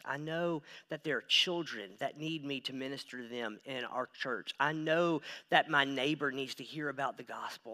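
A man in his thirties preaching a sermon from a church stage, dropping to hushed asides and then building to loud, emphatic runs. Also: medium pitch. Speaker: pastor.

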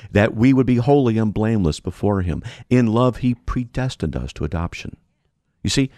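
A man's voice: lowish voice, darkish tone, no room sound, studio quality. A man hosting a radio show who teaches Bible doctrine and reads scripture references one after another in a methodical, emphatic way. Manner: emphatic, stresses Greek terms. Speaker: radio show host, apologist.

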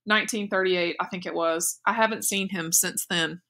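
A man's voice: sits high, fairly even intonation, moderate pace, sharp tone. A woman reading the part of a nervous young army lieutenant who answers in an anxious, hesitant way, in a read-aloud story.

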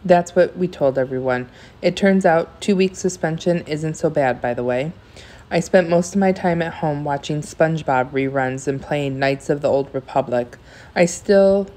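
A woman reading a children's novel aloud in a steady storytelling manner. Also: sits low. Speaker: reader.

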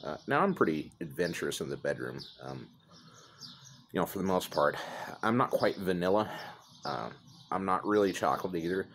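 A man hosting a casual storytelling rant, crude and rambling, with deadpan humor and high put-on voices when he quotes people. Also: normal speed, a little hiss or hum. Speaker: host. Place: indoors in his chair, smoking.

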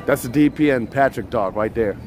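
A man's voice: medium pitch, fairly quick, a little mellow, faint music behind. A man hosting a casual walking live stream, chatty and teasing his viewers, outdoors on city streets. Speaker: vlogger, live-stream host.

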